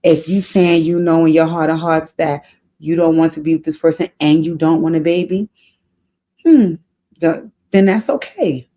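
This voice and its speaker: A woman's voice: sits low, normal speed, warm tone. A woman hosting an advice vlog, talking earnestly to a letter writer, often repeating her key phrases and getting emotional. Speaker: advice show host.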